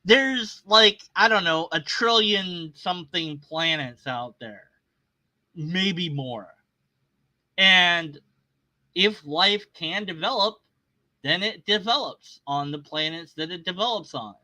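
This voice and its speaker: A man's voice: high voice, slow, bright, forceful tone, poor audio. A man commenting on a video he is reacting to, in an agitated, sarcastic and rambling rant. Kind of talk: casual rant.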